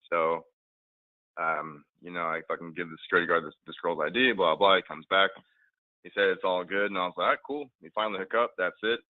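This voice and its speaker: A low-voiced man tells a crude, rambling anecdote as a podcast guest. His voice comes through a tinny, phone-like line with no room sound at all. The delivery is loose and casual, full of swearing. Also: level tone, fairly quick, dry recording. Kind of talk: casual storytelling.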